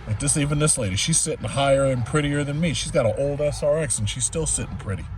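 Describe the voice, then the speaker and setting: A man's voice: medium pitch, quick pace. A man vlogging from his car in traffic, ranting sarcastically and swearing about drivers and politics. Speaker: vlogger commenting while driving. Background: faint traffic noise.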